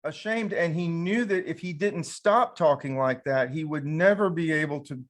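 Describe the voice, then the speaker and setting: A man hosts a relaxed church panel discussion, spinning stories and laughing as he goes. His voice sits a little high for a man. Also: normal speed. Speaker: pastor and panel host.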